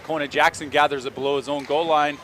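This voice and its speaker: Bright-voiced male hockey play-by-play caller. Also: a little high, steady tone, a little hiss or hum. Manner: rapid running call, dry joking asides. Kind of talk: play-by-play sports commentary.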